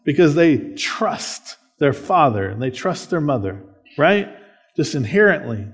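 A man's voice: fairly high pitch, very animated, measured pace, slightly rough. A man preaching a sermon as a pastor, conversational, often checking in with tag questions.

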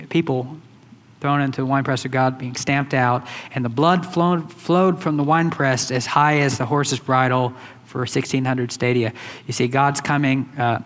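A man's voice: medium pitch, fairly bright tone. A man preaching a sermon in a loose, conversational way, with many fillers and restarts. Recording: hall reverb.

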